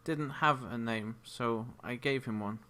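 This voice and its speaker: A man's voice: mid-range voice, unhurried, bright, forceful tone. A man doing a wary, guarded little girl.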